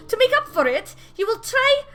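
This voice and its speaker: A regal fey pixie king, voiced by a woman, holds forth in a put-on Scottish accent, sing-song and dramatic. The voice sits high and bright. It sounds like video game dialogue read aloud by a player. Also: exaggerated voice. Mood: demanding. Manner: theatrical, sing-song, mock-wounded.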